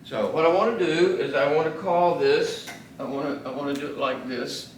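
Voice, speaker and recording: A man's voice: fairly high pitch, normal speed, reverberant, recorded from a distance, a little hiss or hum, low-quality recording. A man teaching a Bible study to a small class in a casual, conversational way, often restarting sentences and asking the group questions.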